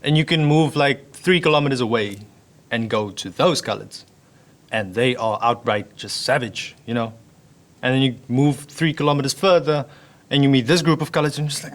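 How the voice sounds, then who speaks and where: A man, a guest in a casual conversation, speaking candidly and bluntly. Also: medium pitch. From South Africa. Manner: candid, blunt, quick asides.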